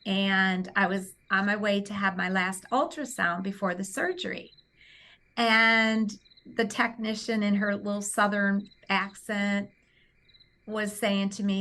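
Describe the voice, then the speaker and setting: A woman guest telling a personal story in an earnest, lively way, with many "you know"s. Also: medium pitch, a little slow.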